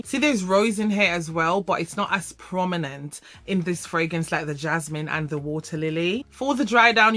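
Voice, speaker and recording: A woman reviewing perfumes in a vlog, animated and emphatic, repeating words for emphasis. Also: on the low side. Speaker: fragrance reviewer.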